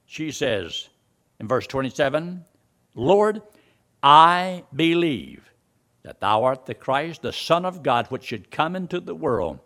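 A man's voice: medium pitch, expressive, moderate pace, a bit bright. A man preaching a sermon, reading scripture verses aloud and explaining them to his listeners. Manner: reads scripture aloud and explains it, voice rising and dropping sharply.

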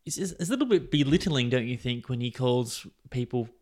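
A man's voice: mid-range voice, lively intonation, brisk, a little mellow. A man co-hosting a podcast, teasing his co-host with probing questions in casual chat.

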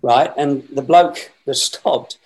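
An Australian man in his sixties, a guest telling a lively, rambling story with many fillers. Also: medium pitch, slow, poor audio. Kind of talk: storytelling anecdote.

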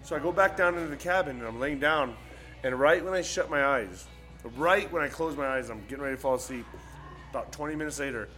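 A young man guesting as a storyteller chats casually, acting out the people in his story while swearing and laughing partway through. His voice sits on the high side and moves fast, with soft music playing in the background.

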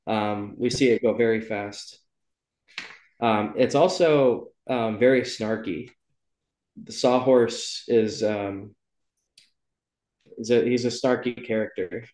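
A man's voice: fairly low pitch, fairly even intonation, takes it slowly, long pauses, darkish tone. Man chatting loosely in a roomy space. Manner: loose and rambling, many ums and self-corrections. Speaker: podcast host. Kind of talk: casual book club chat. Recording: roomy echo.

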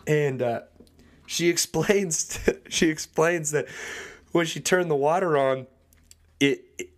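A man's voice: fairly high pitch, slow pace. Young guy on a podcast, chatty storyteller, does little voices for people in the story. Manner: animated storyteller, acts out quoted voices. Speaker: podcast co-host. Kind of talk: casual storytelling chat.

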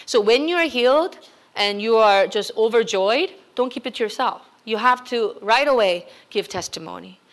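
A woman's voice: fairly high pitch, lively intonation, moderate pace. A woman pastor giving a sermon in a conversational way, building to emphatic exhortation.

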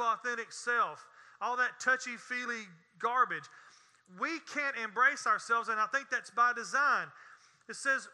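Folksy man preaching, bright voice. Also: very high-pitched, measured pace. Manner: folksy and emphatic, with scornful asides. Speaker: pastor. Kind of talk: sermon.

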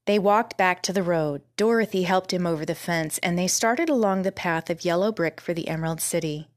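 A woman narrating a children's book in a calm, measured reading voice. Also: lowish voice, dry recording, clean studio sound. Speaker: storyteller.

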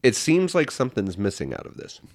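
A Midwestern man with a fairly low voice trades jokes in casual podcast chat. The sound is dry and close, with no room echo. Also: huge pitch swings, a little fast, darkish tone. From American Midwest. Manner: joking, talks while drinking beer. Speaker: podcast co-host.

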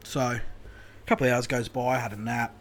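A man with an Australian accent, telling casual stories as a podcast co-host, animated and swearing freely. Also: mid-range voice, brisk. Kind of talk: casual storytelling chat.

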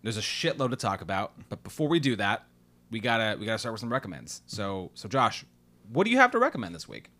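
A man hosting a casual film podcast, animated and self-deprecating, swearing freely. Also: on the low side, quick pace. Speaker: podcast host.

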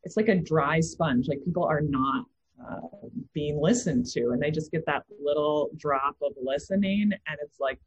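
Empathy trainer in her thirties: very low, husky woman's voice, chatty with fillers; dull recording. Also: normal speed. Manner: anecdotal, with filler words. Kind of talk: casual podcast chat.

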